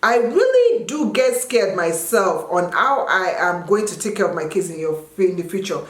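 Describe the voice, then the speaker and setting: A Nigerian woman around her thirties chats casually while answering viewer questions, breaking into high sung and yelled bits. Her pitch swings widely at a normal speed, and the room is echoey.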